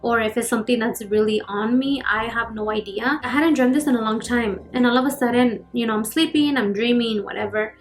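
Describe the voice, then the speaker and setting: Speaking a little fast with hardly any pauses, a woman in her twenties recounts a personal story in a casual get-ready vlog. Her slightly high voice is chatty and filler-heavy as she acts out each scene. There's faint background music.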